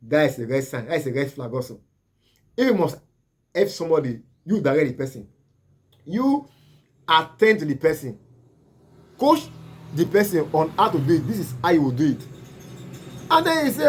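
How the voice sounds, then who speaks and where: A man's voice: on the high side, very animated, normal speed, slight background noise. A man with a Nigerian accent, a laundry business owner giving earnest, repetitive advice to camera.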